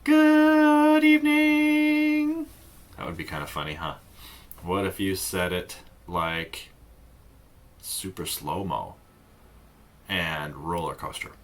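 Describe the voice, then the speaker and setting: A man's voice: deep voice, fairly even intonation, takes it slowly, long pauses, bright, forceful tone. A man teaching an online music lesson for kids, playful and demonstrative, with a lot of singing and voice play. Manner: playful, sings and demonstrates voice sounds.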